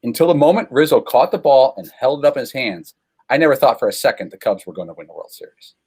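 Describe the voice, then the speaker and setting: Husky American man telling a story. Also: mid-range voice, sing-song, fast, a little mellow. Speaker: guest. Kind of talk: casual storytelling.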